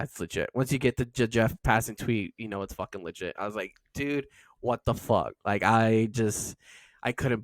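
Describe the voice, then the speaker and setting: A man's voice: on the low side, dry recording. A man co-hosting a casual podcast, telling a story with lots of fillers and swearing. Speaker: podcast co-host.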